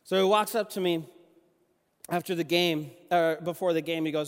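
Man preaching with animated stories, hall reverb. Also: on the high side, brisk. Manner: conversational, animated storytelling with restarts. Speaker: youth pastor and junior high basketball coach. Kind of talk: sermon with personal stories.

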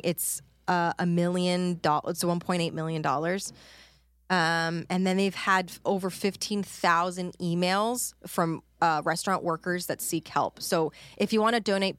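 A woman with a lowish voice co-hosts a casual podcast, wandering through her points with plenty of ums and the odd swear. The sound is dry and close, with no room around it. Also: no room sound. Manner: rambling and profane, with frequent ums. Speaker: podcast co-host; out-of-work service industry worker. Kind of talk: casual chat.

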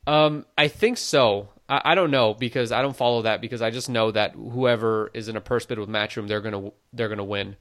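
A man's voice: fairly low pitch, brisk, few pauses. Opinionated man chatting about boxing. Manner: opinionated, animated, frequent "like" fillers. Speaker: boxing podcast co-host. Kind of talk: casual conversational commentary.

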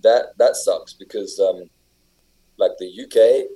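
A young man from England chats casually, his lowish voice slow and warm, though the audio is poor. He rambles through stories full of fillers and restarts.

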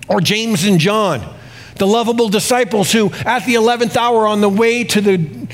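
A male pastor preaching a sermon in a confessional tone, swinging between hushed reflection and exclamation. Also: high voice, normal speed.

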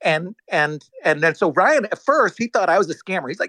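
A man in casual talk as a guest, telling a story in a rambling, animated way, full of restarts and acted-out quotes. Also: high voice, brisk, dry recording, poor audio. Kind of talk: casual storytelling on a live audio chat.

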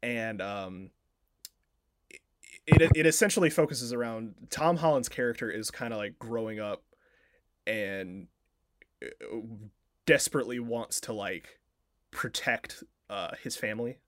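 A man's voice: mid-range voice, a little slow, pauses often. A man co-hosting a podcast, casually retelling a film plot in a rambling way, full of filler words and swearing. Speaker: podcast co-host.

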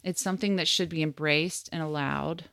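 A woman co-hosting a podcast, reading a written passage aloud in a soft, measured way while holding back tears. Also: deep voice, fairly even intonation, gravelly, smooth, dry recording, clean studio sound. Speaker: podcast co-host.

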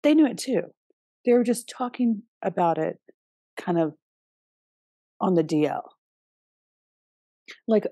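A woman hosting a podcast, talking in a relaxed, conversational way with casual fillers and the odd swear word. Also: lowish voice, unhurried, pauses often, breathy edge, no room sound. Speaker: podcast host. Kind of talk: casual spoken monologue.

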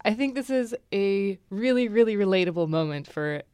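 A woman hosting a public radio interview show, asking measured questions and reading the links between segments. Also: mid-range voice, animated, mellow, clean tone, soft background music. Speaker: radio host.

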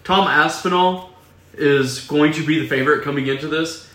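A man's voice: fairly high pitch, normal speed, a bit bright. A man co-hosting a casual podcast, explaining things steadily to listeners. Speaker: podcast co-host. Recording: echoey room.

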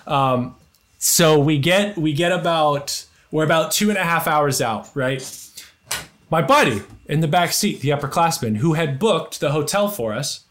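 A young man telling a wild story in casual chat, excitable and profane, with lots of restarts. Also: on the high side, a little slow. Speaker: storyteller guest.

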